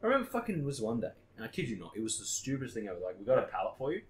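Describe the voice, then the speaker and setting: A man's voice: medium pitch, huge pitch swings, racing, slight background noise. A man, a podcast co-host telling work stories in casual chat, swearing a lot and acting out what others said. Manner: swears a lot, acts out his old workmates in quotes.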